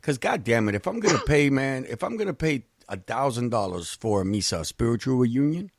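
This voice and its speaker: A man with a slightly husky voice chats bluntly on a radio show, his pitch swinging widely as he tells stories. The sound is close and dry, with no room echo. He swears freely and keeps a loose, casual manner. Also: fairly quick. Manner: blunt, animated storytelling with profanity. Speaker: co-host.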